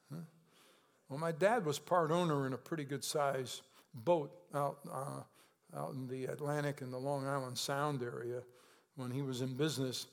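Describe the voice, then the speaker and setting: A man preaching a sermon in a conversational way, asking the congregation questions and rising in pitch and volume when he stresses a point. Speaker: pastor.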